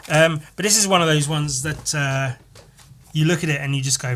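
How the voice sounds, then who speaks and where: A man hosting a casual solo podcast, swearing freely and telling a story panel by panel in an animated way. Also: a little high, unhurried, long pauses. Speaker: podcast host.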